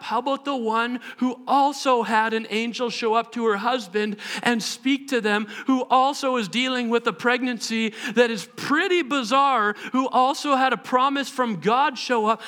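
A man preaching a sermon as pastor, animated and bursting into shouted voices as he acts out scenes. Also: extremely high pitch, normal speed, hardly any pauses.

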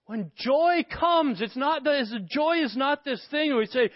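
A young man preaching a sermon as a pastor, animated and conversational with playful asides. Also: very high-pitched, measured pace, hardly any pauses, no room sound. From Canada. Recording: dry, dull lo-fi sound.

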